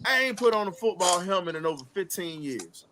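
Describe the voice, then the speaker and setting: A man hosting a sports talk show, hyped and trash-talking, dropping low and then shouting. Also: animated, fairly quick, a little hiss or hum. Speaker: host.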